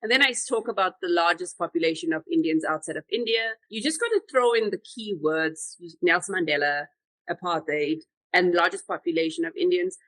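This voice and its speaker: A woman's voice: lowish voice, a little fast, no room sound, rough recording. A middle-aged South African woman, a comedian, telling stories in a casual podcast chat and acting out what others said. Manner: animated storyteller, quoting others in acted voices.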